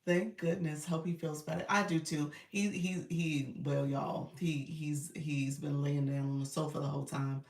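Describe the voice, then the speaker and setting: A woman's voice: sits low, fairly even intonation, moderate pace, few pauses, a little mellow. A woman coach chatting casually on a live stream, loose and talkative with lots of fillers. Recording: roomy, distant phone audio.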